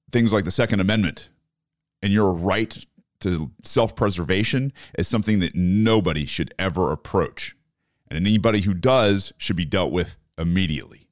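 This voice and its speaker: A man's voice: sits low, moderate pace, no room sound, clean studio sound. A man hosting a political podcast, ranting in profane disbelief about current events. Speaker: podcast host. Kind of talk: opinionated political commentary.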